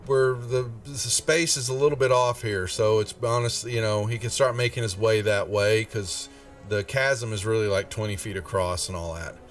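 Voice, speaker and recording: A man's voice: on the low side, steady tone, normal speed, recorded from a distance, soft background music. A man narrating as game master of a tabletop game, thinking aloud and stopping to check rules as he goes.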